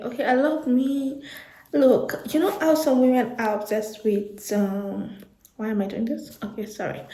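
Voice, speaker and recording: Young woman book vlogger, gushing and giggly, a bit high-voiced, roomy echo. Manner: gushing, animated, repeats herself, laughs often. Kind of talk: casual chat to camera. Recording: echoey room.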